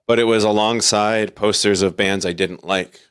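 Deep-voiced man telling stories casually. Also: normal speed, clean tone, dry recording, clean studio sound. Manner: rambling, many fillers and restarts, animated quoting. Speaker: podcast guest, metal vocalist. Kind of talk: casual chat, storytelling.

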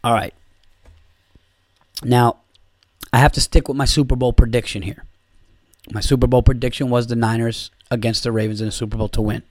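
A man's voice: mid-range voice, little pitch movement, fairly quick, long pauses, no room sound. A man hosting a podcast, ranting about sports in a sarcastic, profane way. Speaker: podcast host. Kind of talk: casual sports rant.

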